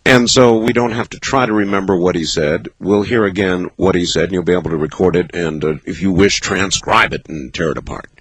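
A man hosting a late-night call-in radio show from a studio, musing and halting as he thinks aloud. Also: deep voice, fairly bright tone, slightly rough, no room sound, rough recording. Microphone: studio microphone.

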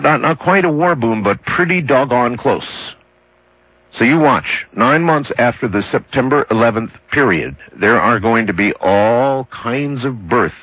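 A man's voice: mid-range voice, no echo. A man hosting a late-night call-in radio show, musing aloud with stammered restarts and dry jokes. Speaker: radio talk show host. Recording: dull lo-fi broadcast sound.

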